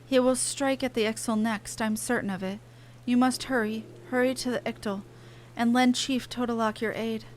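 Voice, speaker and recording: An actress voicing a mysterious, earnest young woman in a video game cutscene, speaking in a halting, pleading way. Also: a little high, steady tone, slight background noise, close to an everyday voice. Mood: urgent pleading. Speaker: game character.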